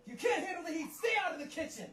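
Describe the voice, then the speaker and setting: Someone hamming up a cocky anime dub fighter with shouty tough-guy bravado, in a clip played back from far off. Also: very high voice, big pitch swings, very fast. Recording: distant, roomy, noisy clip audio.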